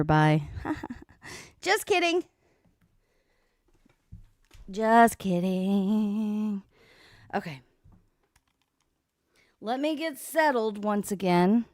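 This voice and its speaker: Chatty woman, smooth voice. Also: lowish voice, darkish tone, dry recording, studio quality. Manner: chatty, greets viewers by name. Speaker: livestream host. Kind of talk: casual live chat. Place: home, by an open back door. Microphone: desk microphone.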